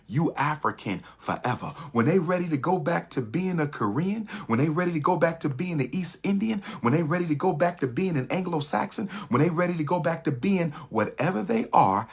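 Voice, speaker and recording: A man's voice: a little high, slightly rough. A man giving an impassioned speech, emphatic and repetitive, with rhetorical questions. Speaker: public speaker.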